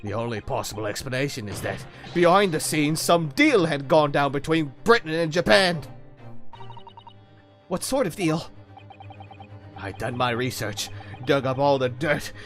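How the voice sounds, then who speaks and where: A man's voice: a little high, animated, measured pace, long pauses, faint music behind. A man doing a brash old-timey newsboy reporter. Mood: indignant. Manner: loud, indignant, rough grammar. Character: angry young male newspaper reporter, brash.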